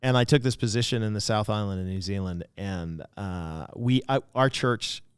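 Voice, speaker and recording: Man, pastor, interview guest, resonant voice, dry close recording, animated, frequent restarts. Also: lowish voice, moderate pace, clear, resonant tone, no echo. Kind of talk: casual conversational interview.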